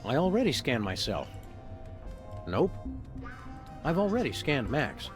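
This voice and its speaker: A man voicing a calm, upright dog detective in a video game, speaking in polite, measured, wordy phrases. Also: mid-range voice. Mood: dry. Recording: game audio under music.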